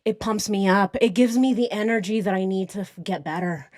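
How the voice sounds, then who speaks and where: A woman's voice: medium pitch, brisk, darkish tone, dry recording, clean studio sound. A woman hosting a casual true crime livestream, rambling off on tangents and now and then putting on mocking voices.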